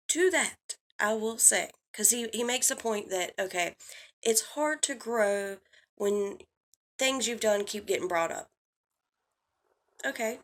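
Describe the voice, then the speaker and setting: A woman's voice: medium pitch, measured pace, creaky, fairly bright tone. A woman giving blunt, heated drama commentary, swearing freely as she lays out her views. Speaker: commentary YouTuber.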